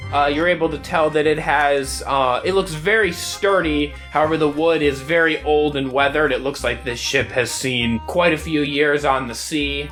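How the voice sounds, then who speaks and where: A man narrating a tabletop game as game master in a relaxed way, with many fillers. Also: on the high side.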